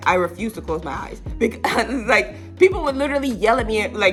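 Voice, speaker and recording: A woman's voice: medium pitch, lively intonation, brisk, hardly any pauses, fairly bright tone, soft background music. A young woman vlogger telling a childhood story in a casual, rambling way, full of fillers and little laughs.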